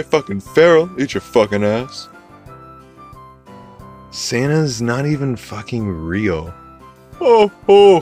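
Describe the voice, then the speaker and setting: A man's voice: fairly high pitch, a little mellow, voice pushed up. A man putting on the voice of a belligerent, foul-mouthed street-tough Santa who trash-talks and picks fights. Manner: swaggering, profane, trash-talking.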